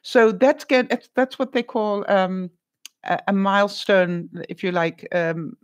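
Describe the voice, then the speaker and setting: A middle-aged woman vlogger chatting casually on a live stream, reading viewer comments and offering gentle, comforting advice with frequent repeated words and laughs. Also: medium pitch, steady tone, unhurried, clean tone. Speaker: vlogger answering live chat.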